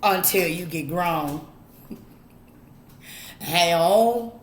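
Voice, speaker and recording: A woman speaks in a low, unhurried drawl, lecturing her audience bluntly and swearing freely. Her voice rings in an echoey room with a faint hiss behind it. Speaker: vlogger. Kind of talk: casual monologue to camera.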